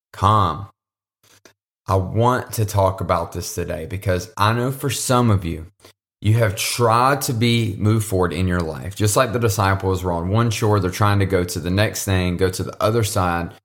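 A male pastor delivering a sermon, his voice sitting on the low side. He speaks earnestly and directly to his listeners and slows down to press home key phrases, then moves into a prayer.

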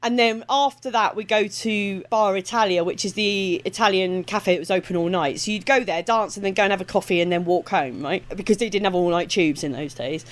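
A woman's voice: mid-range voice, fairly quick, few pauses. A middle-aged woman from Kent with an Estuary English accent, a guest comedian chatting casually and laughing often, with lots of fillers. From Kent, England. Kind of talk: casual podcast chat.

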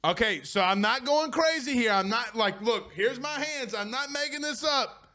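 A man hosting a casual sports show, reading out listener comments, excitable with frequent laughs and rambling restarts. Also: very high-pitched, moderate pace.

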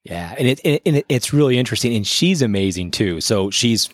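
A man co-hosting a podcast, telling a story in lively casual chat, his voice jumping up for effect. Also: medium pitch, fast talker, dry recording, clean studio sound. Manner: animated storyteller, voice jumps up for effect. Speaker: podcast co-host.

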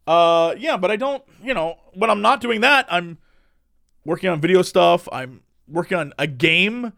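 A man's voice: high-pitched, expressive, normal speed, gravelly, a bit bright, no echo, studio quality. A young man who streams and makes videos, chatting animatedly, rambling and laughing a lot. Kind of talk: casual chat.

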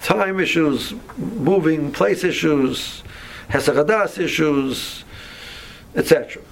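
Male teacher, slightly high and gravelly voice, halting conversational delivery, faint noise behind. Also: low-quality recording. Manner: conversational, halting, many restarts and asides. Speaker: rabbi teaching a class. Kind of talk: informal Torah class.

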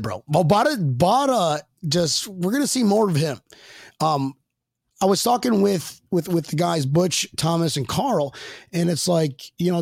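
A man hosting a casual sports chat, excitable and rambling, laughing often and restarting his sentences. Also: fairly high pitch, no echo, studio quality. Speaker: podcast host.

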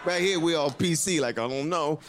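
A man doing a stand-up comedy set, telling a loose, animated story full of profanity and acted-out quotes. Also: on the high side, brisk. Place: stage before a live audience. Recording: live club recording with loud crowd noise.

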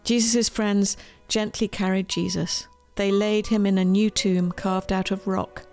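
A woman reads aloud from her children's storybook in a gentle, expressive voice. Her pitch sits in a middle range, and faint music plays underneath. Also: unhurried. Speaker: author reading her storybook.

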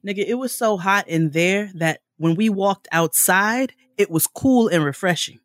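A woman's voice: on the low side, expressive, unhurried, dry recording, clean studio sound. A woman co-hosting a casual chat podcast, telling stories with blunt, exaggerated comedy. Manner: blunt, exaggerating comic storyteller. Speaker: podcast co-host.

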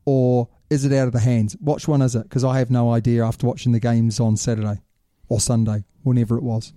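Dark-voiced guy ranting about rugby, casual chat, dry sound. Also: mid-range voice, brisk, no room sound. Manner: animated, opinionated, says "mate". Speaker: rugby podcast host.

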